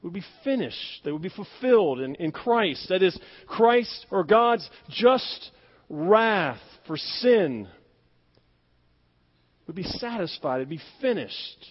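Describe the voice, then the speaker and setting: A man's voice: high voice, big pitch swings, slow, husky. Emphatic male preacher, lo-fi sound. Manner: emphatic preaching, swings from soft near-whispers to loud stressed words; asks the congregation to repeat phrases. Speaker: pastor. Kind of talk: sermon. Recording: dull lo-fi sound.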